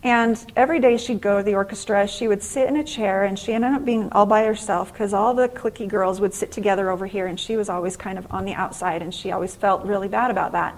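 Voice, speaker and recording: Middle-aged lady teaching a faith class, mid pitch, acts out little exclamations while telling stories. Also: fast, hardly any pauses, low-quality recording. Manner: animated storytelling, acting out exclamations. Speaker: conference speaker and author. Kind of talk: faith-based motivational class talk.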